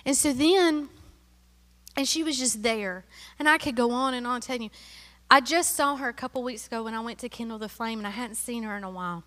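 A middle-aged woman from Tennessee giving an animated, emotional sermon-style testimony that drops to hushed asides. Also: on the high side, a little fast, long reverb tail.

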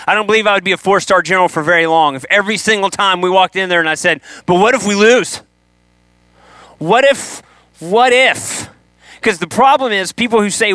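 A man preaching a sermon to a room, animated, acting out the people he quotes. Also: high voice, dry recording. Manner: animated, acts out quoted voices.

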